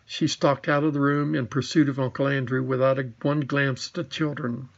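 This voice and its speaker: A man's voice: medium pitch, fairly even intonation, normal speed, hardly any pauses, highs cut off. A man narrating a children's storybook, reading with small slips and restarts. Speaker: audiobook narrator.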